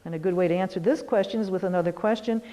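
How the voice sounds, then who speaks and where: A middle-aged woman yoga teacher guiding a lesson, gently encouraging and often checking in with "all right". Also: lowish voice, rapid-fire, in a large hall, rough recording. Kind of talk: guided lesson on goals and mantra practice.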